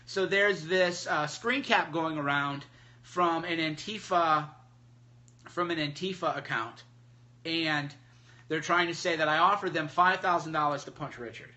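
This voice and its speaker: A man's voice: on the high side, a little slow, pushed and bright. A man hosting a phone livestream, talking in a blunt, mocking, emphatic casual monologue. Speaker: livestream host.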